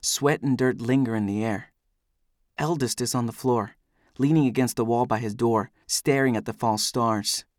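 A man's voice: medium pitch, steady tone, moderate pace, no room sound, studio quality. A man giving an intense, brooding first-person audiobook narration.

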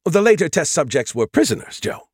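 Smug know-it-all AI, put on by a male audiobook narrator: condescending, animated, bone-dry read. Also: fairly high pitch, fairly quick, breathy edge, dry recording, voice pushed up. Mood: snarky. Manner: condescending, lecturing. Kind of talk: audiobook character voice.

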